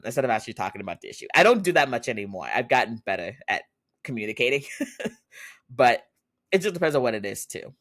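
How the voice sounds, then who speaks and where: A man's voice: medium pitch, big pitch swings, fast talker, fairly bright tone, no echo, clean studio sound. A man hosting a podcast, casually recapping a drama episode, laughing often and acting out the characters' lines. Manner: chatty, laughs often, acts out quotes. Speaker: podcast host.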